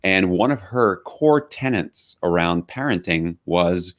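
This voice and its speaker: Casting: middle-aged male author guest, lowish voice, reflective anecdotal storyteller. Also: lively intonation, slow. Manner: reflective storytelling with quoted dialogue. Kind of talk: interview conversation.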